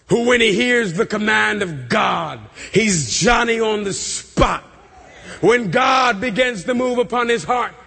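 A man preaching a sermon, shouting with impassioned fervor and building to loud cries. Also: sits high, gravelly. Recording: long hall reverb.

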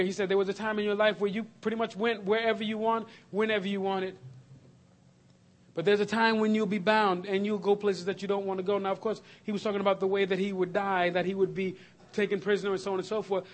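A man preaching a sermon to his congregation, animated, laughing and shouting at times. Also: high-pitched, quick pace. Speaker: pastor. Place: church sanctuary.

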